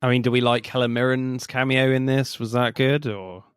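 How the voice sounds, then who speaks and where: A man's voice: mid-range voice, level tone, normal speed, clean tone, no room sound, clean studio sound. A man hosting a film podcast, casually asking the others for scores and opinions. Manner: easygoing, asks the questions. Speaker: podcast host.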